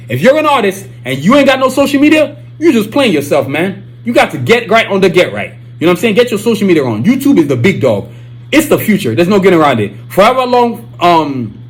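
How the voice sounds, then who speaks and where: A young man hosting a solo podcast, talking in a boastful, slang-heavy, animated way. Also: sits high. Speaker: podcast host.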